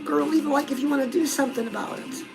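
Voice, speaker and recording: Sassy and chatty, a high-voiced self-help host coaches her listener on a comedic live show, calling her "girl" over and over. Her pace is quick, clear music plays under her the entire time, and the recording is rough.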